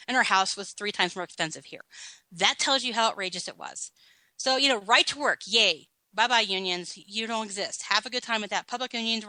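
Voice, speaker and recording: Woman talk host, sarcastic and blunt, bright tone, close dry mic. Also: mid-range voice, no echo, low-quality recording. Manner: sarcastic, blunt, laughing at her own list. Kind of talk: opinionated political commentary.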